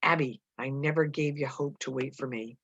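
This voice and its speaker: A woman's voice: very deep voice, normal speed, a bit bright, husky, no echo, heavily acted. A woman doing a stern, blunt farmer. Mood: firm. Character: stern, blunt male farmer scolding his servant. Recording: dull, dry lo-fi recording.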